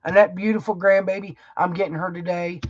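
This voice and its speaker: A woman's voice: fairly low pitch, steady tone, fairly quick, darkish tone, no echo, highs cut off. A middle-aged woman, chatting on her own livestream in a rambling, emotional, folksy way and laughing often. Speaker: livestream host. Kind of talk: casual heartfelt livestream chat.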